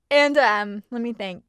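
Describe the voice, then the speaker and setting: A woman voice actor chatting as a podcast guest, playful and animated, slipping into voices for effect. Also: a little high, clean tone, no room sound. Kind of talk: casual podcast chat.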